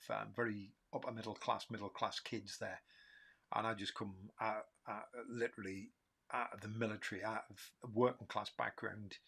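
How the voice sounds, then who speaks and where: A man's voice: lowish voice, fairly bright tone, slightly rough. A man in his fifties with a Geordie accent from Newcastle, hosting a casual livestream Q&A, rambling and joking at his own expense. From Newcastle, England. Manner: rambling, self-mocking, laughs often. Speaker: livestream host answering questions.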